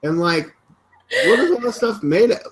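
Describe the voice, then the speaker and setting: A man co-hosting a live political web show, reading aloud and reacting with animated, incredulous exclamations. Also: high-pitched, normal speed, poor audio. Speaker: co-host.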